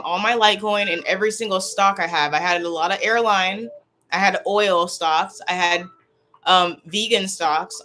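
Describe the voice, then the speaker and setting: A woman's voice: mid-range voice, bright, forceful tone, a little hiss or hum. A woman vlogger talking casually and tearfully to a livestream, upset and rambling, often repeating herself.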